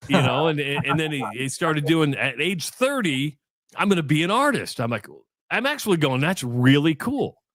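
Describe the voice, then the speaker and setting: On sports radio, a middle-aged Iowan co-host spins a long, casual story, voicing both people in the exchange. His fairly high, a bit bright voice swings widely in pitch at a normal speed, captured dry with clean studio sound.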